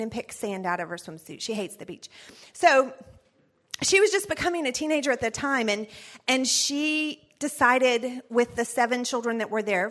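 A middle-aged woman speaking at a church parenting class, telling a chatty, animated story and laughing often. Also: fairly high pitch. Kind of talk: storytelling talk.

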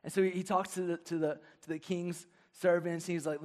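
A man in his thirties preaching a sermon to young people, telling funny personal stories in an animated way. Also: sits high, a little fast. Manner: animated storytelling with jokes. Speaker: youth pastor.

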